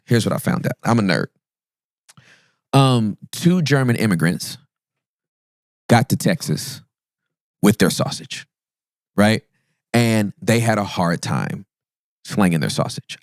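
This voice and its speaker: A man, a pastor and podcast guest, telling a funny story in a playful, self-mocking way and swooping up high for the punchlines. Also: big pitch swings, unhurried, creaky, long pauses, no echo, clean studio sound. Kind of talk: animated comic storytelling in a podcast interview.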